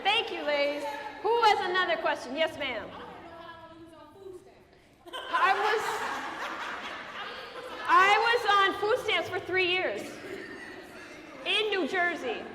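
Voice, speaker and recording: Her voice is very high and expressive, and she talks slowly with frequent pauses while the background stays noisy. She's a woman comedian from Minnesota and Colorado doing a post-show Q&A in a prison hall, repeating questions aloud as she chats with the audience. Echo and crowd sound fill the recording.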